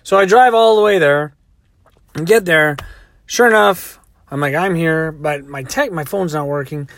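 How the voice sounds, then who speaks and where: A man's voice: on the high side, normal speed, fairly bright tone, no echo. A man telling a rambling story in a casual way, acting out the quotes.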